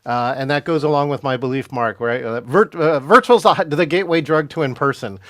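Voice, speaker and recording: Podcast host, male, energetic and upbeat, slightly high voice, dry close sound. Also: fairly quick, no echo. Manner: energetic, upbeat, with frequent fillers and restarts. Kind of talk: animated podcast interview hosting.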